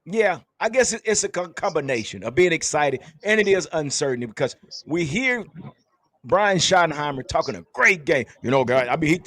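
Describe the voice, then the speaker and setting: A man's voice: on the high side, big pitch swings, fairly quick, a bit bright, no room sound. A man hosting a casual sports fan podcast, upbeat and chatty, laughing often. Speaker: podcast host.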